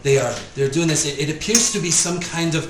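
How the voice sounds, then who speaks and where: A man voicing a frantic, conspiracy-minded alien hunter in a put-on generic French accent, talking fast and insistently. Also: on the high side, echoey room, noisy background, natural voice. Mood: urgent.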